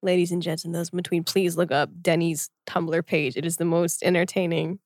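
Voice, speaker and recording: A woman's voice: lowish voice, flat delivery, a little fast, darkish tone, no echo, clean studio sound. Chatty young woman podcast host. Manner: chatty, laughs easily, teasing. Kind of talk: casual chat.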